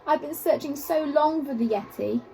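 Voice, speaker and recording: A woman voicing an eager young boy explorer who shouts with excitement. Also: high voice, moderate pace, gravelly. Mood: excited.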